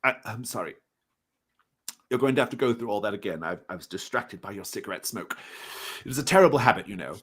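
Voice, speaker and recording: A man voicing a nebbishy, pompous little male detective inspector, lecturing in a lively, high voice. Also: a little fast, long pauses, slightly rough.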